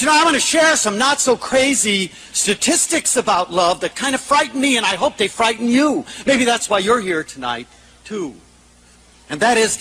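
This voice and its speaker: Bright, lively man giving a lecture. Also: sits high, a little hiss or hum, poor audio. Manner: animated, storytelling, self-mocking humor. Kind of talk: public lecture to an audience.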